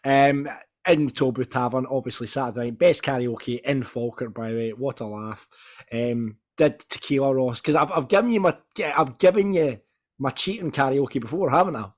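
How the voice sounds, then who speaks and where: A Scottish man hosting a fan podcast in a casual, jokey, rambling way, his voice hoarse and nearly gone. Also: mid-range voice, normal speed. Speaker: podcast host.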